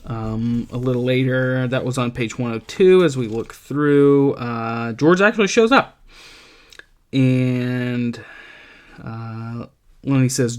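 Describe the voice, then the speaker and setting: A male teacher walks students through a novel in a calm, conversational lesson. He talks slowly and pauses often with ums. His voice sits at a middling pitch. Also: clear, resonant tone. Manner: thoughtful, gently conversational, with frequent ums. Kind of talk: literature lesson with read-aloud excerpts.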